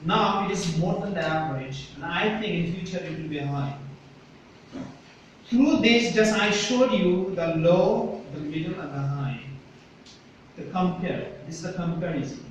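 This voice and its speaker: A man's voice: sits high, a little slow. A man with a Bangladeshi English accent lecturing a university class, emphatic and often checking in with students. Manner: emphatic, repeatedly checks "Yes? Clear?" with students. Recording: echoey classroom from far off, faint hiss.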